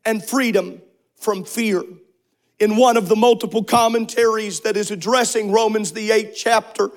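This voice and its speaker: Male pastor, very high voice, slow emphatic sermon delivery with shouted peaks. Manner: preaching, rising to shouts on key words. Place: church sanctuary.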